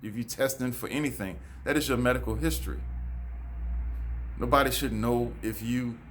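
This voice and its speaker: A man's voice: medium pitch, moderate pace, fairly bright tone, a little hiss or hum. A man, giving a preachy, repetitive vlog monologue and calling his viewers folks. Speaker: vlogger. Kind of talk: casual monologue to camera. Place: outdoors near a road.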